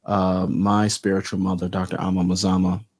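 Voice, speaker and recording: A man hosting a casual podcast interview, asking questions in a halting way, often repeating words. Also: low-pitched, completely flat delivery, darkish tone. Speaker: podcast host.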